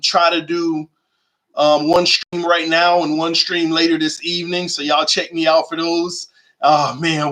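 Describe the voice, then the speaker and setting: A young man hosting a live fan stream, talking in slangy, excitable bursts to his viewers. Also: fairly high pitch. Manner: excitable, shouts and sings out, slangy. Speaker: fan channel host.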